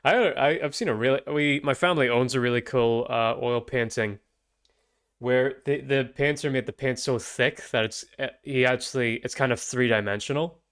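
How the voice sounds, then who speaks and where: A man streaming a game, reading its text aloud in a relaxed, chatty way with dry asides. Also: mid-range voice, moderate pace, clear, resonant tone. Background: game music.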